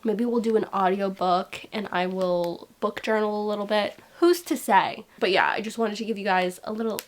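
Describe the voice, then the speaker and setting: A young adult woman chatting casually in a book vlog, gushing and excitable and saying "like" a lot. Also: medium pitch, normal speed. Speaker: book vlogger. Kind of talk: casual reading vlog chat.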